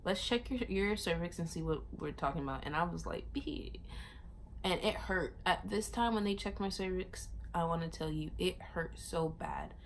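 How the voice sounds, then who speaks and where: A young woman vlogger telling a long personal story in a casual, animated way, acting out other people's lines in a raised voice. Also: on the low side, brisk, few pauses, slight background noise. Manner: animated, acts out the nurses' and her own lines in raised voices, laughs often.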